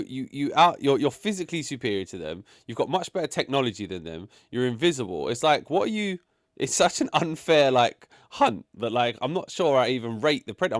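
Animated man giving blunt opinions. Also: mid-range voice, no room sound, clean studio sound. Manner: blunt, sweary, animated opinions with frequent fillers. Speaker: podcast co-host reviewing a film. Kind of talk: casual chat.

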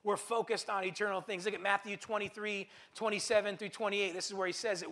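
A man's voice: sits high, fairly even intonation, quick pace, hardly any pauses, pushed and bright. A man preaching a sermon as pastor, emphatic, repeating phrases for stress and calling out to the congregation. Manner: calls to the congregation.

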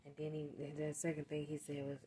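A woman telling a story straight to her viewers in a casual vlog, cursing freely and swinging from muttered asides to loud, heated outbursts. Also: low-pitched, monotone, a little fast, a little hiss or hum. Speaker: vlogger and mother.

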